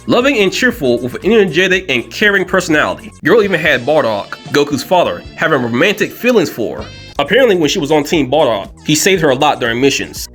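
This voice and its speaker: A man giving casual comedic commentary, animated and joking, jumping up in pitch for emphasis. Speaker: video commentator.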